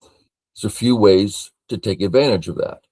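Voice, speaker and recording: An older man from California reviewing a board game as a teacher, thinking aloud in a slow, matter-of-fact way. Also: lowish voice, dark tone, breathy edge, no room sound.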